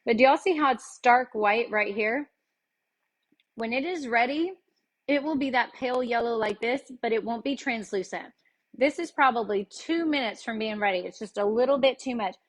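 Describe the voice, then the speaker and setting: A woman hosting a casual cooking demonstration in her home kitchen, chatty and folksy, often laughing and talking straight to her viewers. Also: on the high side. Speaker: cooking show host.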